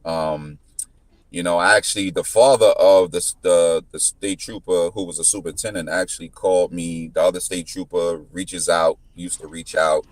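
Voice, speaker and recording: A man in his thirties telling a story in casual chat, full of restarts, whose pitch jumps up when he quotes people. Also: moderate pace, no room sound. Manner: animated, repetitive restarts, jumps into high pitch when quoting. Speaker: podcast guest.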